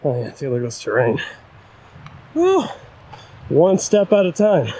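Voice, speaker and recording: In casual hiking-vlog narration, a young man talks to viewers while scrambling up a rocky trail, breathless and joking at his own expense. His medium-pitched, dark-toned voice moves quickly with big pitch swings. The outdoor recording, made on a camera-mounted shotgun mic, has wind in the background.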